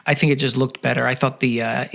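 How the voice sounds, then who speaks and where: A podcast co-host in casual chat, joking and animated, tossing out trivia asides. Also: medium pitch, fast, creaky.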